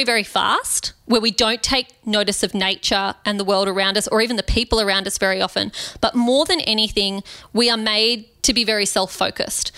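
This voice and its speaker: A woman in her thirties co-hosting a podcast, chatting about a book in an earnest, conversational way with animated asides. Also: mid-range voice, brisk. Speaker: podcast co-host. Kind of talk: casual book discussion.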